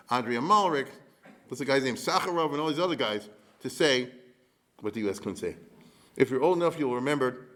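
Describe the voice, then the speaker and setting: A rabbi lecturing on history in a loose, conversational way. He keeps checking in with his listeners and slips in wry, humorous asides. His voice sits at an ordinary middle pitch for a man. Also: fairly bright tone. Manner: chatty, keeps checking in with the audience.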